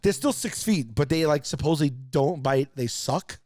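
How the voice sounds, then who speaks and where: A man co-hosting a podcast, telling a funny story in a loose, animated way and acting out other people's lines in raised voices. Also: fairly high pitch, moderate pace, no room sound, clean studio sound. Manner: loose rambling delivery with restarts. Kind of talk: casual comedic storytelling.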